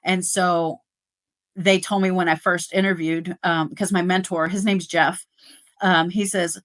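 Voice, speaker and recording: A middle-aged woman, a guest on a podcast, telling work stories in animated casual chat with plenty of fillers. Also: lowish voice, a little slow. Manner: animated storytelling, rising excitement, many fillers. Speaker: guest, dealership service manager.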